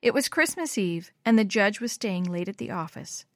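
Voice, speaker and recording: A woman's voice: mid-range voice, animated, no room sound. Woman reading a storybook, dry close sound. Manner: clear, measured storytelling. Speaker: narrator.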